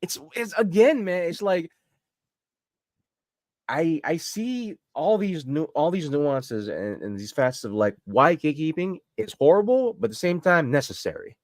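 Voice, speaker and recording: A man's voice: on the high side, lively intonation, unhurried, dry recording, clean studio sound. A man co-hosting a podcast, ranting heatedly and profanely in casual chat. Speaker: podcast co-host.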